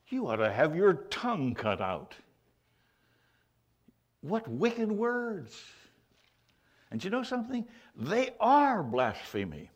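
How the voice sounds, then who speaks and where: A man preaching a sermon, swinging between loud, emphatic declarations and low, quiet lines. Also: gravelly.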